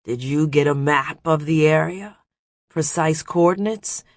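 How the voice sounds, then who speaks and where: A man's voice: fairly high pitch, unhurried, no echo, clean studio sound, voice pushed up. A man doing a guttural, scheming pirate boss. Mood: demanding. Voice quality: guttural accented voice. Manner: clipped and commanding. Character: cold, scheming male pirate leader.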